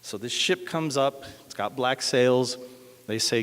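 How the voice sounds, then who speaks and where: A man's voice: medium pitch, unhurried, a bit bright. A man from Denver telling a myth at a cafe open mic, hesitant with many fillers. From Denver, USA. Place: cafe event room. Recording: echoey hall.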